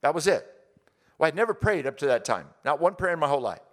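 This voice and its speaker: An older man preaching, telling his conversion story in an earnest way, with his voice dropping low and soft at the emotional moments. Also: big pitch swings, fast talker. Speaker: pastor. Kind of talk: sermon testimony.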